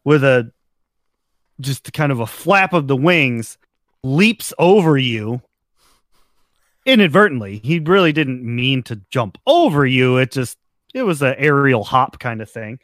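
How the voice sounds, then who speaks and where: A man serving as game master, narrating a tabletop game in measured, drawn-out phrases. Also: mid-range voice, big pitch swings, a bit bright, no room sound, clean studio sound.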